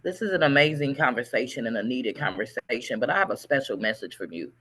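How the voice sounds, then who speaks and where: A man's voice: mid-range voice, animated, fast talker. A man moderating a video call, effusive and casual in his remarks, heard over a noisy video call line.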